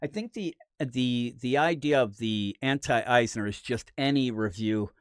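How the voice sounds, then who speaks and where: A man's voice: medium pitch, a little slow, clean tone, dry recording, studio quality. A man hosting a casual comic book review podcast, telling stories in a fired-up way and mocking people with quoted voices. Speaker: podcast host.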